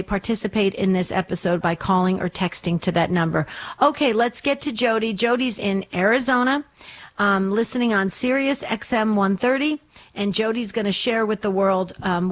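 A woman hosting a call-in radio show, speaking in an encouraging, unhurried way. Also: medium pitch. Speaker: radio host.

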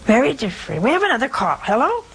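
A woman hosting a call-in show as a religious sister, giving emphatic spiritual advice with wide swings in pitch. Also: big pitch swings, fast, vocal fry, slight background noise, low-quality recording.

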